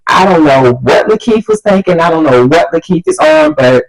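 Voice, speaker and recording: A woman vlogger telling a storytime tale in an animated, chatty way, talking straight to her viewers. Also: low voice, moderate pace, poor audio. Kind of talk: storytime vlog.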